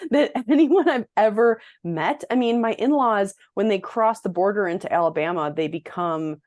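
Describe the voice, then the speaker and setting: A woman's voice: mid-range voice, moderate pace, a little mellow, dry recording, clean studio sound. A woman co-hosting a podcast over a video call, chatting casually and laughing often. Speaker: podcast co-host. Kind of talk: casual chat.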